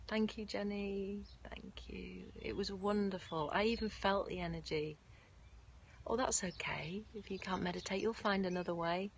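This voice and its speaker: Outdoors in nature after a guided meditation, a yoga nidra teacher live-streams, chatting effusively and thanking viewers by name. Her mid-range voice is gravelly and steady at a moderate pace, with slight background noise of faint birds and distant sirens.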